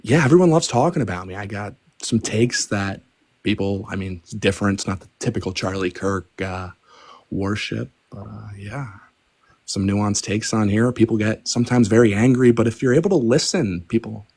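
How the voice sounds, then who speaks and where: A man with a low voice gives blunt, confident takes. His voice sounds dry and close, with no room around it. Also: moderate pace, darkish tone, slightly rough, dry recording. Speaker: debate guest. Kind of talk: casual political debate.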